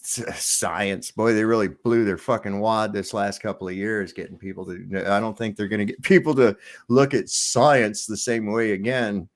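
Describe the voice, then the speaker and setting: A man's voice: lowish voice, steady tone, moderate pace. A man hosting a casual talk show, telling jokes and rambling loosely with plenty of swearing. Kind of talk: casual chat, joke telling.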